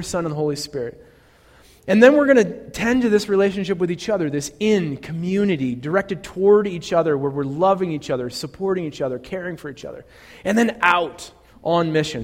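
A man's voice: sits high, big-room sound. A male pastor preaching a sermon in an earnest, conversational way, full of fillers and restarts.

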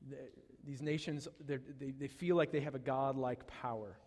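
A man preaching a sermon, animated and conversational, with jokes and asides to the congregation. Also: mid-range voice, moderate pace, big-room sound. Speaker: pastor.

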